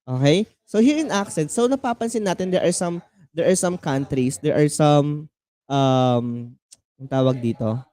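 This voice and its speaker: A man from the Philippines with a Filipino accent, teaching an online class in a halting way, full of fillers and restarts. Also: a little high, mellow. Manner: code-switching, halting with many fillers and restarts.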